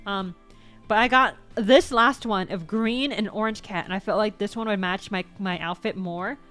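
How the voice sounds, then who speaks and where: A chatty woman with a mid-range voice talks through a shopping haul in a loose, rambling way. She often stops to correct herself and drops the occasional curse. Soft music plays faintly behind her. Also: mid-range voice, normal speed. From United States. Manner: rambling, chatty, self-correcting, casual swearing. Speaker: VTuber vlogger. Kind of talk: casual show-and-tell chat.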